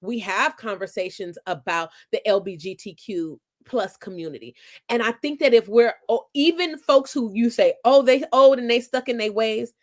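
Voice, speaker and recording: This woman in her forties speaks at a fairly high pitch and a moderate pace. She's an author in a conversational interview, earnestly reflecting on family and parenting as she tells her story.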